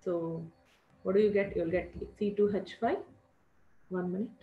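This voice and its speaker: A woman's voice: fairly low pitch, steady tone, moderate pace, a little hiss or hum. A middle-aged woman with an Indian English accent teaching a chemistry lesson, repeating key points and calling her students children. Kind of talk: classroom lecture. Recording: echoey lo-fi room recording.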